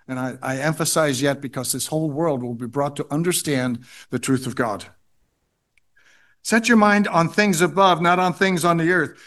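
A man delivering a sermon in a slightly raised pitch. He reads verses aloud and repeats his key phrases to press the point. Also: moderate pace, a bit bright. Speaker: pastor.

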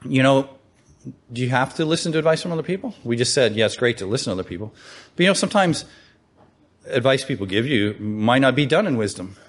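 A man's voice: mid-range voice, expressive, quick pace. A man teaching from the Bible in a conversational way, asking rhetorical questions and reading scripture aloud.

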